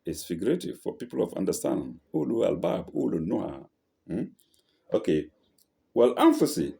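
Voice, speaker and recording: A man teaching the Quran verse by verse, reciting lines and then translating them slowly, often correcting himself and checking in with "eh?". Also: deep voice, very animated, creaky, dark tone. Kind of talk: verse-by-verse scripture lesson.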